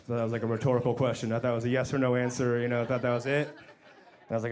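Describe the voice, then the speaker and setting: A man telling a story on a comedy club stage, rising into loud excitement as he acts out the people in it. He swears freely and the audience laughs along. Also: mid-range voice, rapid-fire. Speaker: stand-up comedian. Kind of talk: stand-up set.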